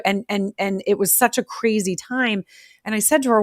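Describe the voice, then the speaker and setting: A middle-aged woman hosts a conversational interview and tells stories about her family with animated energy. She slips into quoted voices as she goes. The recording is dry, with no room echo. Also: mid-range voice, brisk. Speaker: podcast host.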